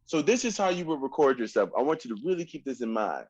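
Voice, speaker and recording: A man's voice: medium pitch, big pitch swings, fast, darkish tone, breathy edge, muffled recording. A man coaching a student in a masterclass, singing phrases to demonstrate, exacting and encouraging. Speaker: oboe teacher.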